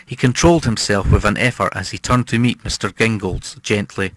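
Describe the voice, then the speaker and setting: A man giving a measured, scripted audiobook narration of a horror story. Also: on the low side, steady tone, no echo, poor audio.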